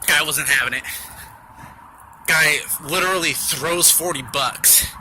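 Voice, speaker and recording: A young man with a strikingly bright, fairly high voice rambles through a story from work, swearing freely and getting animated as he goes. He talks outdoors, with faint noise in the background. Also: unhurried. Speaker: vlogger. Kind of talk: casual storytelling.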